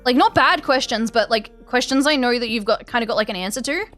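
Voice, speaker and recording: A woman's voice: fairly high pitch, a little fast, a bit bright, soft background music. An Australian woman streamer chatting casually with her live viewers, rambling with plenty of fillers and restarts. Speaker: game streamer.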